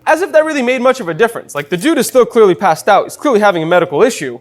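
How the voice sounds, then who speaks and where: A young man, a bartender telling a story in a casual, animated way while making a cocktail. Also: high voice, quick pace, hardly any pauses, faint music behind. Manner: chatty, animated storyteller with many fillers.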